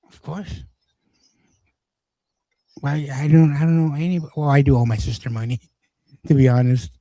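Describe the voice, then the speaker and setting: A man's voice: mid-range voice, steady tone, moderate pace, warm tone, no echo. A man hosting a livestream, chatting loosely and swearing, laughing through his stories. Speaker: livestream host. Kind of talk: casual stream chat.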